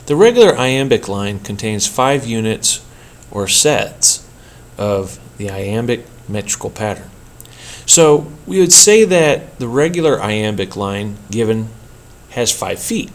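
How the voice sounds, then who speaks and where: A man teaching a poetry workshop in a measured, explanatory lecture style, with an occasional slip. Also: on the low side, sing-song. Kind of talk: scripted lecture narration.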